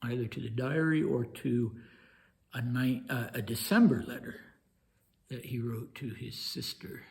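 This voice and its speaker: Gravelly hesitant man talking history. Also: mid-range voice, unhurried. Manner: hesitant, many fillers and restarts. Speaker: history channel host. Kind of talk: casual spoken commentary.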